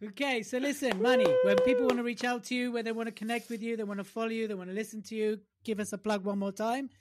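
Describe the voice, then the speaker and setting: A man's voice: very high voice, fairly even intonation, fast. A man co-hosting a podcast, upbeat and enthusiastic as he steers the conversation. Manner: upbeat, enthusiastic, wrapping things up. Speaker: podcast co-host. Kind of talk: casual podcast chat.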